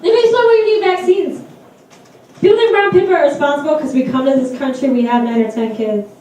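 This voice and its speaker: A brash woman comedian delivers sardonic punchlines in a high voice. She is recorded from a distance in a very echoey club, with noise under her voice. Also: a little fast, dark tone. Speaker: stand-up comedian. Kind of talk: stand-up routine. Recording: echoey room, distant mic, noisy.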